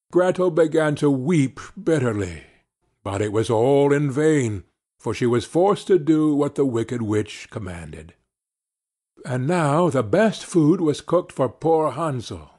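A man narrating a fairy tale slowly and expressively for a children's audiobook. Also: mid-range voice, slightly rough. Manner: slow, expressive storytelling.

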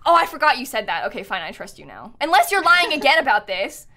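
A woman with a very high, wildly swooping voice chats with friends mid-game, animated and teasing. Her words come through a noisy streamed voice-chat line with a clear background hiss. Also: fast talker. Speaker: game player. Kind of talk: casual gaming chat.

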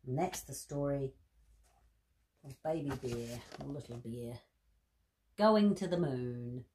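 A woman reading a bedtime story to children, animated and asking the listener questions. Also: rumbling low, takes it slowly, a little hiss or hum.

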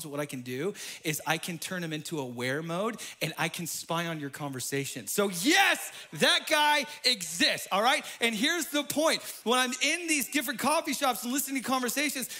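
High, bright-voiced animated pastor. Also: male voice, normal speed, hardly any pauses. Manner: animated, swings from soft asides to loud exclamations. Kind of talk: energetic sermon. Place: church.

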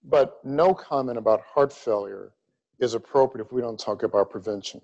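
A man's voice: medium pitch, creaky, a little mellow, dull audio. Emphatic middle-aged male medical lecturer. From Louisiana. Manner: emphatic, measured, deliberate pacing. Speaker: cardiology lecturer. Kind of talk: grand rounds medical lecture.

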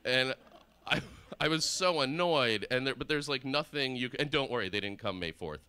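A man in his thirties, from the former Soviet Union, doing deadpan, rambling stand-up comedy on stage at a live show. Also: mid-range voice, moderate pace, clean tone. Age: 30s. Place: live performance space on stage.

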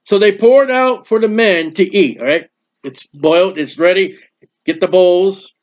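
A man with a high voice preaches a sermon, spinning homely stories and acting out what people say in them. The sound is dull and lo-fi, like an old church tape. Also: unhurried. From United States. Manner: folksy storytelling with acted quotes. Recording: dull lo-fi recording.

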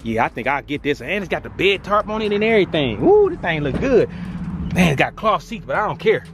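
A man with a fairly high, very lively voice walks an outdoor car lot, reacting loudly and slangily to what he sees. He talks into a handheld phone, with faint traffic and outdoor ambience behind him. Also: brisk. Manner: animated, exclaiming at prices, slangy. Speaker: YouTuber touring a used car lot. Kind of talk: casual walk-around vlog.

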